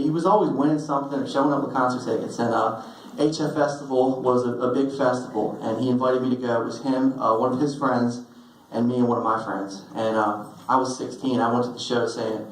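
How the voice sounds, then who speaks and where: A man's voice: medium pitch, slight background noise. Man giving a eulogy in an echoey hall. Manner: halting, many restarts and fillers, storytelling. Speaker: eulogy speaker. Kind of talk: personal eulogy with stories. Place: funeral service hall. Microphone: phone recording from the audience. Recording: very echoey hall, phone recording.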